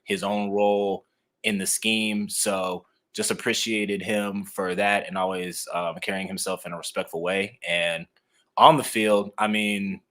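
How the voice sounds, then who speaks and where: A young man co-hosting a sports podcast in a laid-back, measured way, with frequent ums. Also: lowish voice, level tone, fairly bright tone. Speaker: sports reporter, podcast co-host. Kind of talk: casual sports podcast chat.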